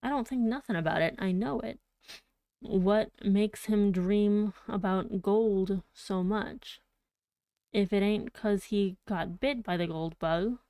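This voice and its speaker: A woman reading the lines of a worried old male servant who speaks in a halting, rambling way. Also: medium pitch, mellow, no room sound. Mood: insistent. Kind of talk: audiobook reading.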